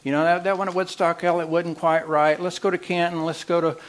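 A man's voice: fairly high pitch, flat delivery, fairly quick. A man, a marriage counselor giving a humorous talk with folksy storytelling and repeated phrases.

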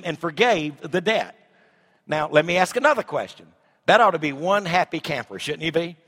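A man's voice: sits high, bright, forceful tone. A man preaching a sermon in a church, reading scripture and asking the congregation emphatic rhetorical questions. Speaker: pastor. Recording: long hall reverb.

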